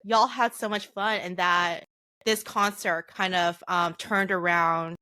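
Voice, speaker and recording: A young woman co-hosting a podcast in casual chat, reacting with warm sounds and frequent laughter. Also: on the low side, steady tone, measured pace, no echo. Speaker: podcast co-host.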